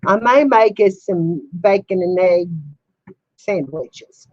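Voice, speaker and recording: A woman's voice: medium pitch, takes it slowly, dry recording, highs cut off. An older woman chatting casually with viewers on a home livestream, laughing often in a folksy way. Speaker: livestream host. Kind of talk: casual chat answering viewers.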